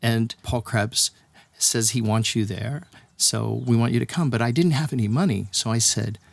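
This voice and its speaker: A man's voice: medium pitch, moderate pace, creaky, no room sound. A man from Texas, a songwriter telling a long story in an interview, acting out the voices of the people he quotes and laughing often. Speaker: songwriter guest. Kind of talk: animated storytelling in conversation.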